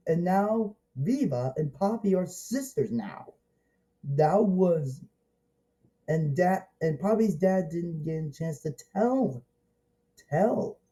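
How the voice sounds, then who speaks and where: Man, casual movie reviewer, slow rambling delivery with lots of restarts, very dark mellow tone. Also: high-pitched, rough recording. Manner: rambling and halting, with many restarts and excited exclamations.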